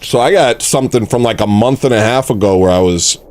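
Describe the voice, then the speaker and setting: A man's voice: medium pitch, fairly quick, darkish tone, no echo. A man hosting a livestream, talking bluntly and rambling in a self-mocking way. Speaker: livestream host. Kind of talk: casual livestream rant.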